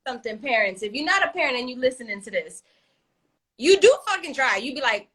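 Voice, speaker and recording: Brooklyn mom in her 30s chatting on a podcast, new york accent, kinda high bright voice, swears and acts stuff out. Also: quick pace. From East New York, Brooklyn. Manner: animated, swearing, acting out scenes with laughs. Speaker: podcast co-host. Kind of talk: casual chat.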